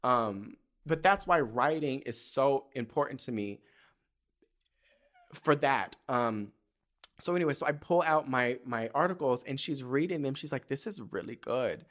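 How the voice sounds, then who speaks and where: A man's voice: medium pitch, animated, a little slow, a bit bright. A young man talking through his own memories on a casual podcast. He is candid and profane, and he gets emotional as he talks. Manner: candid, profane, emotional, often tearful and laughing. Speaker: podcast host. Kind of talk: casual solo podcast storytelling.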